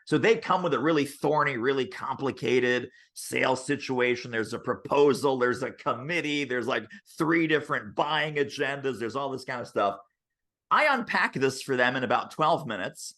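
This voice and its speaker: An animated male interview guest talks shop about selling over a video call. His pitch swoops as he tells stories and slips into quoted voices. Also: moderate pace. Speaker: sales author and consultant.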